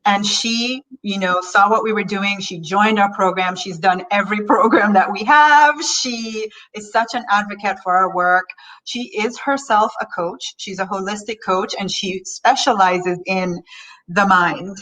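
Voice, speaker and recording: A bubbly woman hosting a motivational online session. She talks in an animated, upbeat way and laughs easily between thoughts. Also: medium pitch, measured pace, poor audio. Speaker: host.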